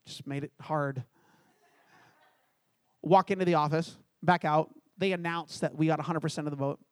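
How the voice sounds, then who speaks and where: High-voiced pastor telling a story. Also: male voice, moderate pace, no room sound, studio quality. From Canada. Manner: animated, acts out dialogue, self-deprecating humor. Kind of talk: storytelling sermon.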